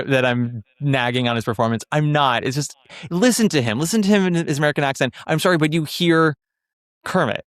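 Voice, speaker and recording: A man's voice: mid-range voice, a little fast, no room sound, studio quality. A man hosting a podcast, chatting casually and with strong opinions about theater. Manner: opinionated, animated, trails off and restarts. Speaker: podcast host.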